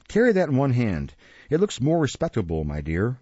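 A man's voice: mid-range voice, wildly swooping pitch, normal speed, warm tone, slightly rough, dry recording. A man reading aloud voices a sly, fawning old male fence who wheedles and calls everyone his dear, in a dull lo-fi recording. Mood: wheedling. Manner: ingratiating, repeats "my dear".

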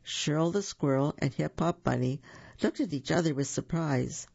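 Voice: medium pitch, moderate pace, vocal fry, a little mellow, breathy edge, no echo, lo-fi sound. A storyteller reading children's stories aloud and explaining the lesson afterwards.

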